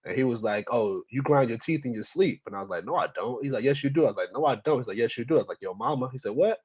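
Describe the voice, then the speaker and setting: A man's voice: mid-range voice, lively intonation, fast, darkish tone, slightly rough, lo-fi sound. Young male comic, casual open-mic stand-up, mid voice. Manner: loose, conversational delivery with many fillers.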